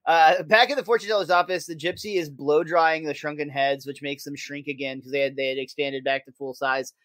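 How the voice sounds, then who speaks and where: A man in a casual podcast chat, walking through a cartoon episode in a relaxed, rambling way. His voice sits a bit high for a man and comes across close and dry, with no room sound. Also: brisk, dry recording. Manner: laid-back recapping with frequent fillers and laughs. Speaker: podcast co-host.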